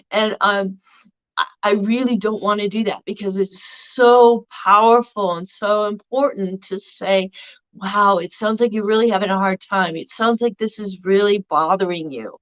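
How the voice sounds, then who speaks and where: A woman's voice: mid-range voice, a bit bright. Woman teaching casually, lo-fi sound. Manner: conversational, frequent fillers and restarts. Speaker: spiritual teacher.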